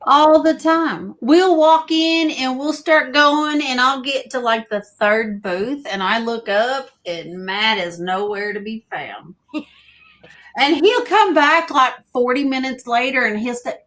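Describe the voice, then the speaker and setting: A middle-aged woman chats casually as a co-host in a plainspoken, emphatic way. Her voice is high and she speaks slowly, leaning on her words. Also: a bit bright. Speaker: co-host of live vintage sale. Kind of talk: casual chat.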